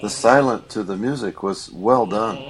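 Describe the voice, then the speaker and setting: A man co-hosting a casual film discussion, recounting scenes with enthusiasm and some halting restarts. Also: lowish voice, a crowd in the background.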